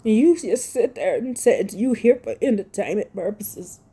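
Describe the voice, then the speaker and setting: A woman's voice: on the high side, moderate pace, dark tone, husky. Fervent scolding woman preacher. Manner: fervent, scolding, reads scripture aloud. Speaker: preacher speaking to followers. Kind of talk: impassioned preaching.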